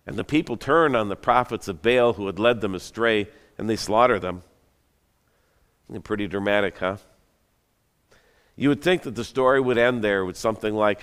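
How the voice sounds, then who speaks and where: A man's voice: on the low side, expressive, moderate pace, a bit bright, smooth. Male preacher telling a story in a reverberant hall. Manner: conversational, dramatic, joking asides. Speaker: pastor. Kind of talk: sermon storytelling.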